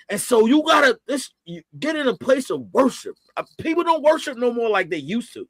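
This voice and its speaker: A man hosting a casual faith talk, moving between quiet murmurs and loud, emphatic preacher-like bursts. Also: very high-pitched, big pitch swings, fairly quick, few pauses, dry recording. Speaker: podcast host.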